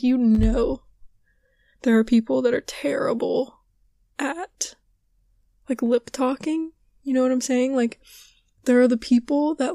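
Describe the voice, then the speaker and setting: Brief: young female podcast host, hoarse strained voice, slightly high, dry close sound, loose rambling chatter. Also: warm tone, no echo. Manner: rambling, filler-heavy, ranting. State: voice giving out, hoarse. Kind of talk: casual chat.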